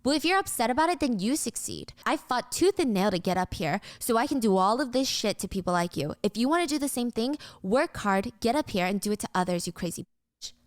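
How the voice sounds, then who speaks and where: A woman's voice: on the high side, lively intonation, a little fast, no room sound, clean studio sound, natural voice. A woman voicing a mocking, arrogant young woman boss. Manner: mocking, condescending.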